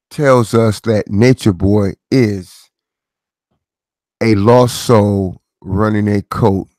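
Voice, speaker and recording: A dry, studio-quality recording catches a middle-aged man with a fairly low, darkish voice. Hosting his commentary channel, he preaches through a casual monologue built on rhetorical questions and repetition.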